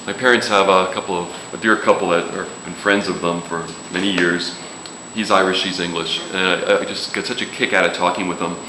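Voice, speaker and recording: A man's voice: sits low, steady tone, brisk, noisy background. A man preaching a sermon in a casual, joking way, with sudden emphatic rises. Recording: echoey room with faint ambience.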